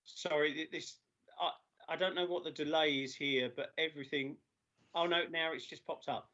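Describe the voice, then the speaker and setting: A man chairing a formal council meeting over a video call, halting with many filler sounds and losing his voice. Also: fairly high pitch, fairly even intonation, sharp tone. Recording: dull lo-fi video call audio.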